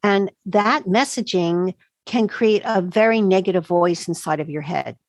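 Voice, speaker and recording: A woman, a doctor answering podcast interview questions with emphatic, animated explanations. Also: fairly low pitch, a little slow, no echo. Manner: emphatic, animated storytelling with quoted asides. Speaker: integrative medicine doctor, podcast guest.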